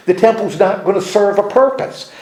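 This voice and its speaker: In an echoey church meeting room, a male pastor with a high-pitched, warm voice speaks at normal speed. He leads a casual Bible study, explaining at length with restarts and putting questions to the group in informal teaching discussion.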